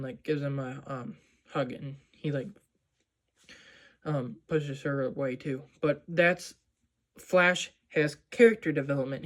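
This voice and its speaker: A man casually recapping a movie plot as a reviewer, rambling with lots of "um" and "like". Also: a little high. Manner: rambling, many fillers like "um" and "like".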